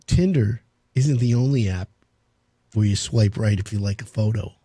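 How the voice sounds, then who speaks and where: A man's voice: lowish voice, moderate pace, dark tone, slightly rough, no room sound. A man hosting a home improvement radio show, brash and joking.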